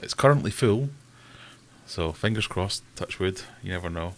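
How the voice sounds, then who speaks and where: A man with a somewhat low voice hosts a relaxed live stream. He chats loosely, greets viewers by name and makes fun of himself. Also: moderate pace, slight background noise. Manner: self-deprecating, chatty, greets viewers by name. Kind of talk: casual live-stream chat.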